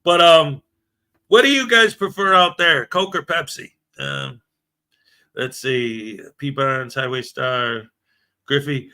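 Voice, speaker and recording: Bright and forceful, this fairly high American male voice has lively intonation, a measured pace, and long pauses. He's hosting a relaxed morning livestream, welcoming viewers, laughing, and reading out their comments.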